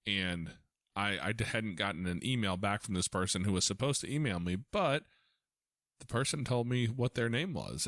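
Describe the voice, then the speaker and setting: A man's voice: fairly low pitch, no echo, studio quality. A man hosting a podcast as a foster parent, telling stories casually with lots of restarts. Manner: storytelling, animated, frequent restarts.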